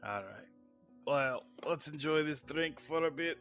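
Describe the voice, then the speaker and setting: A man doing a hearty middle-aged father in a tabletop game, friendly and jovial, calling people mate. His voice is bright, the recording dry and a little dull, with faint music behind. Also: on the high side, lively intonation, measured pace, pitched above the performer's own voice. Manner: hearty, laughing, calls people mate and lad.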